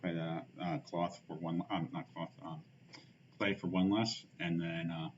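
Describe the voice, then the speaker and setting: A man's voice: low voice, little pitch movement, unhurried. A man streaming a card game, thinking aloud in casual commentary with lots of fillers and muttered asides. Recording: dull lo-fi stream audio with faint hiss.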